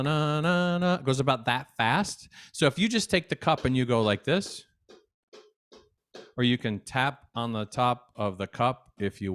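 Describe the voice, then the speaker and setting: A man teaching an at-home music lesson for children from his desk, upbeat and chatty, talking straight to young viewers. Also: medium pitch.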